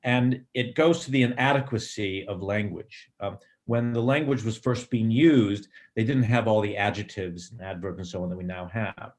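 A middle-aged man speaking in a low register, answering interview questions about writing. He is thoughtful and digressive, circling his points with frequent ums and restarts. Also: moderate pace. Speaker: screenwriter and director.

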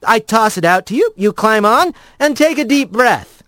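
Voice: medium pitch, animated, fairly bright tone, dry recording, voice pushed up, natural voice. A storyteller voicing a blunt, practical male rat who is impatient and cocky in a radio story reading. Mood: brisk. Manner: blunt, quick and offhand. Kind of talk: audio drama reading.

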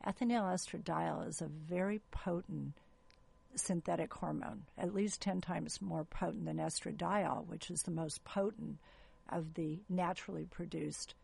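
Gravelly, husky woman gynecologist. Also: lowish voice, steady tone, a little slow, darkish tone. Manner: explanatory, earnest. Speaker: gynecologist guest. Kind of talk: interview.

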